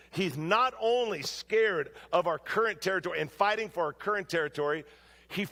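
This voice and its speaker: A man preaching a storytelling sermon in a church, shouting during his stories and dropping low for his main points. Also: creaky, in a large hall. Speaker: guest preacher. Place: church sanctuary.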